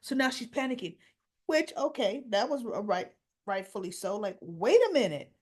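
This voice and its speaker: A woman's voice: mid-range voice, animated, normal speed. A woman reviewer giving a casual, opinionated recap and acting out the lines she quotes. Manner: chatty, opinionated, acts out quotes. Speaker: soap opera reviewer.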